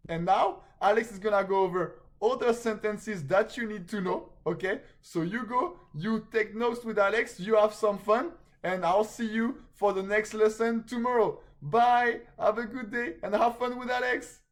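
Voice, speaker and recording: Animated man teaching slang. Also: high voice, moderate pace, few pauses. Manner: animated, repeats "okay?" after each point. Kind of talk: live online class, explaining slang.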